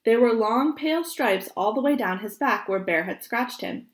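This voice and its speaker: A woman's voice: fairly high pitch, moderate pace. Woman reading a picture book aloud. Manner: gentle, expressive, points at the pictures. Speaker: storybook reader.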